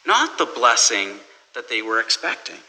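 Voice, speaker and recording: Bright-voiced preacher in a reverberant hall. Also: male voice, mid-range voice, very animated, normal speed. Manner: conversational, storytelling, with restarts. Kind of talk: sermon.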